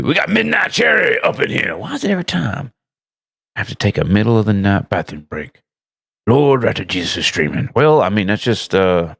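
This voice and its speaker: Gravelly low-ish guy hosting a live stream, yells hellos to chat, pitch jumps all over. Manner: greets chat loudly with big swooping pitch jumps; rambling, profane, self-mocking asides. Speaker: livestream host.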